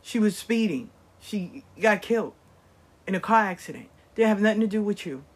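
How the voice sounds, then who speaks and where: A woman's voice: medium pitch, expressive, normal speed, breathy edge. A woman retelling the words of a blunt, disgusted male spiritual reader in a curt, dismissive way. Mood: disgusted, stern.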